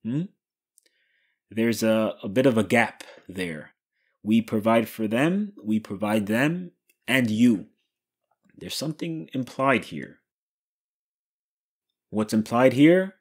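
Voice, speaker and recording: A man teaching a grammar lesson, asking questions and answering them himself, repeating key phrases slowly. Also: fairly low pitch, animated, breathy edge. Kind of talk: explanatory lesson.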